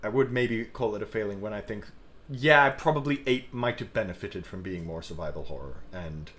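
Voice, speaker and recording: A young man co-hosting a gaming stream, explaining his views in a measured, analytical way. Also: lowish voice, fairly bright tone. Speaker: streamer co-host. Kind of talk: casual gaming chat.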